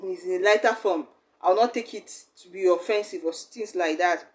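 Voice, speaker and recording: A woman's voice: on the low side, brisk. A young woman, teaching a language lesson in a chatty, explaining way. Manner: chatty, acts out little quoted exchanges.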